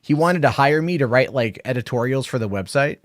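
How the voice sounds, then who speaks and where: A man's voice: medium pitch, animated, fairly quick, no echo, studio quality. A man co-hosting a casual livestream chat, teasing and rambling. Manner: teasing, rambling, swears freely. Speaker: podcast co-host.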